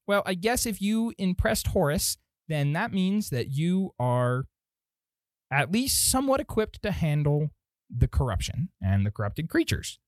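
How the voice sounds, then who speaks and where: A man's voice: fairly high pitch, big pitch swings, a little slow, dry recording, studio quality, voice pushed up. A man doing a folksy drawling gnome officer. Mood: breezy. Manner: folksy, drawling, says y'all. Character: confident male gnome in fancy armored suit.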